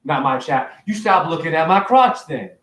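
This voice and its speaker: A man giving a rambling, confrontational livestream monologue. He fires off rhetorical questions, and his pitch swings widely. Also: animated, normal speed, fairly bright tone, roomy sound. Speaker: spiritual vlogger and store cashier.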